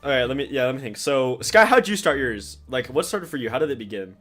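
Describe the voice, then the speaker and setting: A man's voice: mid-range voice, expressive, quick pace, fairly bright tone. Young man chatting casually on a podcast. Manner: rambling, laughs, swears. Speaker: podcast host and game organizer.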